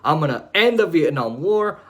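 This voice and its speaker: A man putting on an older politician who hammers home the same campaign promises. The delivery is rhetorical and repetitive, with a fairly high voice. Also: very animated, normal speed, fairly bright tone. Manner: rhetorical, repetitive slogan-making.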